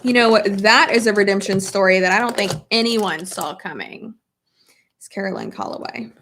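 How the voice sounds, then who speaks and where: A woman's voice: medium pitch, lively intonation, normal speed, noisy background. A young woman vlogger with a stuffy nose from a cold, chatting bluntly and swearing freely while doing her makeup at home. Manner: chatty and blunt, swears freely, reads viewer comments aloud. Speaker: beauty vlogger. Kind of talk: casual get-ready-with-me chat while doing makeup.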